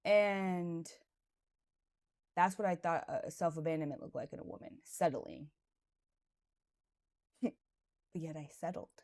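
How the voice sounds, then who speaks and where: Low, mellow-voiced woman telling a candid story. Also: measured pace, long pauses. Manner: casual and conversational, with frequent "like" and "right". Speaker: podcast host. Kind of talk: personal reflective monologue.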